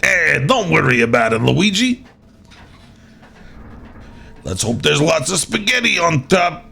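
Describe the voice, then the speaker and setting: A man's voice: fairly high pitch, very animated, a little slow, vocal fry, bright, forceful tone, breathy edge, voice pushed up, exaggerated voice. A man hamming up a carefree cartoon plumber. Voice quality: strained, exaggerated put-on cartoon voice. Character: carefree Italian plumber hero.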